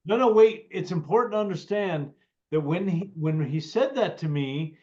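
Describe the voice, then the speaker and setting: Brief: high-voiced man, emphatic and laughing, muffled lo-fi sound. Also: moderate pace, a loud crowd. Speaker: panel guest. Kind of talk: casual anecdote.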